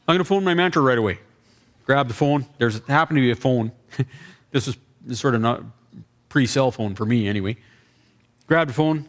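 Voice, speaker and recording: A man who is a pastor telling a deliverance-prayer story in a sermon, acting out the dialogue with lively asides. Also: medium pitch, a little fast.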